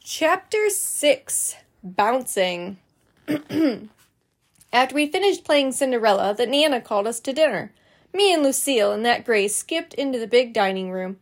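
High-voiced mom reading a storybook, gentle explanations for a kid. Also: female voice, lively intonation, measured pace. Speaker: parent reading stories. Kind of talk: reading a children's book aloud.

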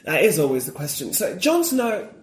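A man's voice: high-pitched, wildly swooping pitch, normal speed, echoey room, a little hiss or hum. A man talking as a guest in a casual conversation, enthusiastic and opinionated, wandering off on tangents.

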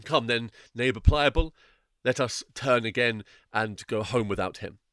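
A man's voice: mid-range voice, unhurried, a bit bright, no echo, studio quality, lightly acted. A man voicing a stubborn, scornful male neighbour who mocks and dismisses. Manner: mocking, dismissive.

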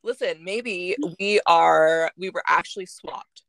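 Young woman podcaster, gravelly voice, dry close sound, casual chatty talk. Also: lowish voice, slow pace, fairly bright tone, dry recording. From Canada. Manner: chatty, laughs often, many fillers. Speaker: podcast co-host. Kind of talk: casual chat.

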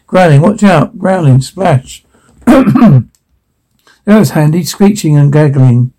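A man reading a zombie game's captions and dialogue aloud, naming the sound cues in a flat, matter-of-fact way. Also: fairly high pitch, slow pace, low-quality recording.

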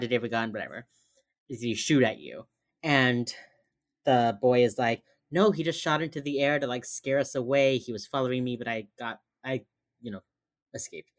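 A woman co-hosting a casual chat, retelling a TV episode with animated voices for the characters and frequent laughs. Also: very deep voice. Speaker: podcast co-host recapping a TV episode.

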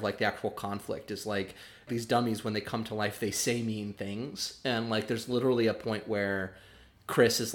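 A man co-hosting a podcast in casual chat, animated, with many fillers and laughs. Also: on the low side. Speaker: podcast co-host.

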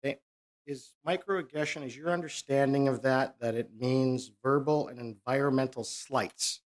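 Male lawyer, measured and probing cross-examination, middle pitch. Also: fairly even intonation. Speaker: lawyer questioning a witness.

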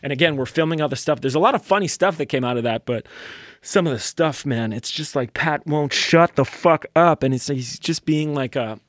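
A man's voice: a little high, normal speed, dry recording, studio quality. A man in his twenties, hosting a podcast, telling a rambling, profane, self-mocking story in casual chat. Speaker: podcast host.

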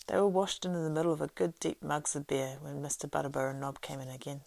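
A woman narrates a story aloud, at a steady pace with the odd slip and restart. Her voice sits very low and carries a strong gravelly fry, recorded close and dry. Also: quick pace, few pauses, no room sound, low-quality recording. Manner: steady reading with small slips and restarts.

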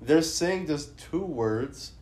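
A man co-hosting a casual reaction chat, loud and profane, often breaking into laughter. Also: fairly high pitch, animated, takes it slowly, echoey room. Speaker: podcast co-host.

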